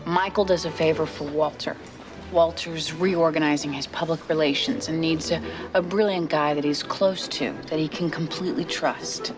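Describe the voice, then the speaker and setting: An actress playing a conniving woman who smoothly talks a younger rival into a plan, heard in a film clip. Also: low voice, steady tone, normal speed, close to an everyday voice. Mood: scheming. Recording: film clip with music underneath.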